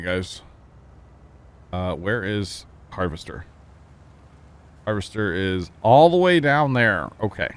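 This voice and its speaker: Deep-voiced man chatting while streaming. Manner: chatty, jokey, reading chat aloud. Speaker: game streamer. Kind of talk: casual stream chat.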